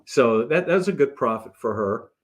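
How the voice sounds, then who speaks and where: Male guest spinning a casual story, lively swooping pitch, acts out each person in it. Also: normal speed. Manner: animated storyteller who acts out the people in his stories. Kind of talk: casual anecdote telling.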